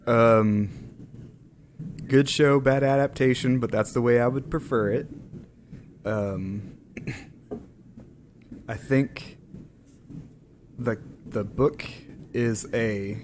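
A man co-hosting a podcast in casual chat, slightly hoarse from being sick, rambling with many hesitations. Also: medium pitch, steady tone, drawn-out words, pauses often, a little hiss or hum. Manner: rambling, hesitant, lots of ums. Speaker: podcast co-host.

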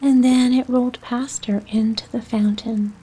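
A woman reading a fairy tale aloud as a bedtime storyteller, in a whispered role-play with a soft unvoiced whisper. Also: on the high side, fairly even intonation, normal speed, slightly rough, low-quality recording. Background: soft music.

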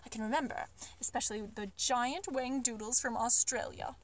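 A woman reading a children's book aloud with expressive, animated storytelling. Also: fairly high pitch, normal speed.

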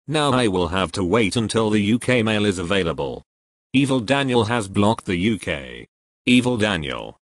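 A synthetic man's voice with a British accent, flatly reading out joke error messages and answering them. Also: on the low side, no echo. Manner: flat, even synthetic delivery that bursts into loud shouting. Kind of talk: comedic text-to-speech reading.

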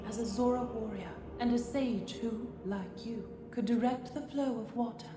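A woman's voice: a little high, normal speed. A woman voicing an ancient female Zora sage spirit, speaking in a solemn, formal way with a ghostly echo. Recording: echoey long reverb over loud game music.

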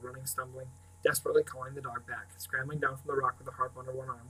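A man's voice: medium pitch, a little hiss or hum, poor audio. A man reading a novel aloud as narrator, now and then stumbling and restarting words. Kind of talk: audiobook reading.

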